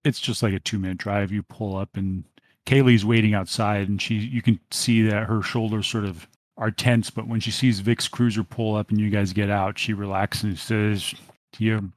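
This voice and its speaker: A man's voice: fairly low pitch, flat delivery, moderate pace, no room sound. A man narrating as game master, rambling with many fillers.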